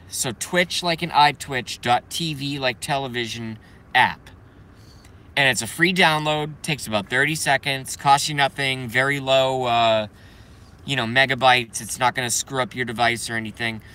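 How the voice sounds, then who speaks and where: A man hosting a live stream, ranting in a profane, heated way that swings between loud outbursts and muttering. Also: medium pitch. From Boston, Massachusetts.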